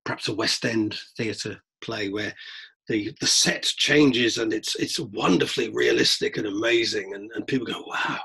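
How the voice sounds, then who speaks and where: A man's voice: fairly low pitch, normal speed, creaky, bright, forceful tone, slightly rough, rough recording. A man with a London accent, a drama teacher giving a rambling lecture and repeating words as he works through his thoughts. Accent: London English. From England. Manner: discursive, repeats words while thinking, acts out theatregoers in mock voices. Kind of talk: explanatory lecture.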